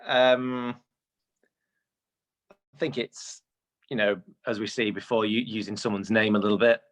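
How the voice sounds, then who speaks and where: A British man co-hosting a casual podcast chat, talking in quick bursts with stammering repeats. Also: fairly low pitch, steady tone, a bit bright. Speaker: podcast co-host.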